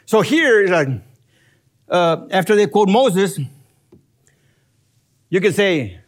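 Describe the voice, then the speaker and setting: A man teaching from scripture in an expository sermon, animated and chuckling as he explains grammar step by step. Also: high voice, very slow, long pauses. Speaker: Bible teacher.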